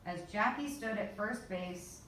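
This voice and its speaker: A woman reading a children's story aloud in a measured, unhurried way. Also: mid-range voice, fairly bright tone, a little hiss or hum. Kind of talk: storybook narration. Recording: echoey room, voice from far off.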